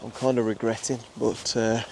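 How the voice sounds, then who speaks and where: Walking through a nature reserve with his camera, a young English wildlife photographer with a Midlands accent chats casually, full of fillers and restarts. His voice is medium-pitched, creaky and a little mellow, with little pitch movement at a moderate pace. Slight background noise comes through.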